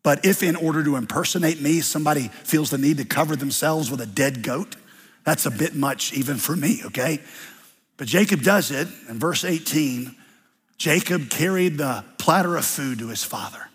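Husky pastor in a reverberant hall. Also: male voice, a little high, moderate pace, fairly bright tone. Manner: conversational, wry storytelling. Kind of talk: sermon.

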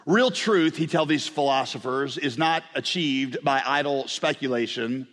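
A man's voice: mid-range voice, unhurried, a bit bright. A male pastor preaching an emphatic sermon, built on rhetorical questions and repetition. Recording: reverberant hall recording.

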